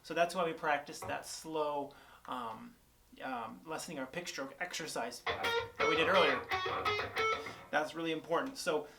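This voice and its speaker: A man's voice: fairly high pitch, normal speed, vocal fry, fairly bright tone. A young man casually explaining guitar picking technique, thinking aloud with plenty of fillers and restarts, recorded on an on-camera shotgun mic. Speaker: guitar teacher. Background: guitar playing between phrases.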